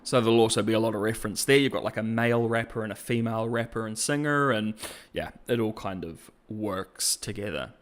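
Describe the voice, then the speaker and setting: A man hosting a video, giving casual reaction commentary in an animated, incredulous and jokey way. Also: fairly low pitch, a little fast. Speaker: video essay host.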